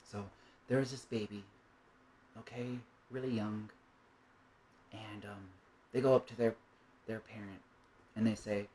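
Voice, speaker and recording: A man's voice: lowish voice, darkish tone, poor audio. A man giving a reflective spoken monologue, rambling and musing, often checking in with "right?". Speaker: monologue speaker.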